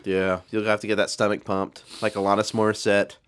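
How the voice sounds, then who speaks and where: A man's voice: on the low side, level tone, a little fast, fairly bright tone, smooth. Dry, teasing male podcast co-host. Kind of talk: casual chat.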